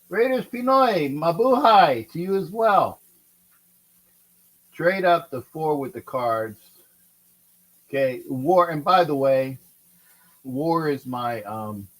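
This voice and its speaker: A middle-aged man hosting a livestream, calling a football game and answering chat, excitable and repeating himself as he urges his team on. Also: mid-range voice. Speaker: livestream host. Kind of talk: live game-watch commentary with chat.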